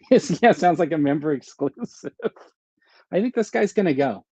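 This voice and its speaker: A man's voice: a little high, animated, moderate pace, dark tone, slightly rough, no room sound, lo-fi sound. A man hosting a casual live stream, rambling, thinking aloud and answering viewers' chat comments. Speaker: host of a live stream about his action figure collection.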